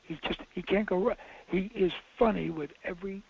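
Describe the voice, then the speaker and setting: A man's voice: high voice, brisk, gravelly, husky. An older man, a film director and guest, telling rambling anecdotes with restarts and emphatic bursts. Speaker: filmmaker guest. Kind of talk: casual anecdote. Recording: lo-fi audio.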